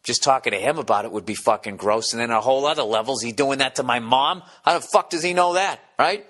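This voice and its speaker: Bright-voiced profane comedian rambling. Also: male voice, mid-range voice. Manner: profane rambling storytelling with quick restarts. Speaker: podcast host. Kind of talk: casual comedic monologue.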